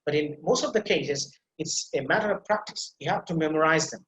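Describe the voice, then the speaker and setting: Man teaching word stress, repeating words slowly. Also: on the high side, fairly bright tone, reverberant, a little hiss or hum. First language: Bengali. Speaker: pronunciation teacher. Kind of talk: online lecture.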